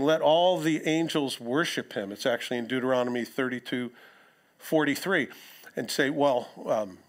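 A man preaching a sermon in church, reading scripture aloud with lively emphasis and casual asides. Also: medium pitch. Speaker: pastor.

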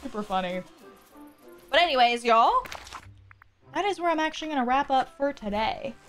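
Brief: giggly, jet-lagged young woman streamer, bright higher voice, casual chat. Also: sing-song, normal speed, faint music behind. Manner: chatty, giggly, says y'all. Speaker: game streamer.

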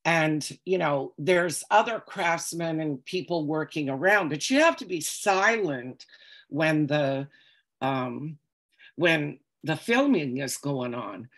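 A woman's voice: low-pitched, animated, slow pace, a bit bright. A woman calligrapher telling an anecdote during a lecture, in a chatty, meandering way with frequent ums and laughs.

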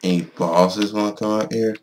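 A man giving casual let's-play commentary on his own game, excitable, swearing and yelling at the creatures on screen. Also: fairly low pitch, normal speed, a little hiss or hum. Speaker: gaming video host.

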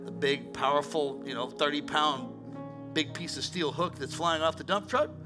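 A middle-aged man preaching a sermon as pastor, animated, moving between quiet storytelling and shouting. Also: fairly high pitch, normal speed. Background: music playing.

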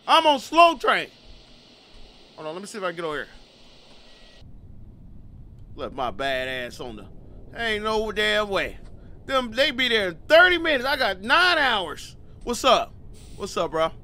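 A man's voice: high voice, very animated, a little slow, long pauses, sharp tone. A man doing casual let's-play commentary, slangy and joking, reading game text aloud and riffing on it with plenty of swearing. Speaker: gaming YouTuber.

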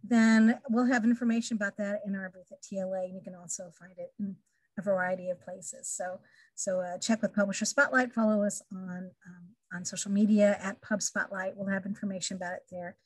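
A woman's voice: medium pitch, fairly even intonation, a little fast, dry recording. A woman hosting an interview on a video call, enthusiastic and gushing about the guest. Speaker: interview host. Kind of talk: casual interview.

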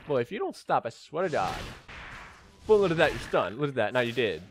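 A young man hosting a gaming video, boasting, joking and yelling at the game as he plays. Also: medium pitch, very animated, brisk. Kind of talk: gameplay commentary.

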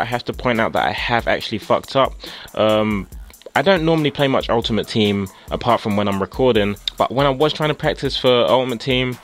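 A young man with a tired, sore-throated voice giving casual gameplay commentary that jumps into excited shouting. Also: mid-range voice. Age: young adult. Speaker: gaming YouTuber.

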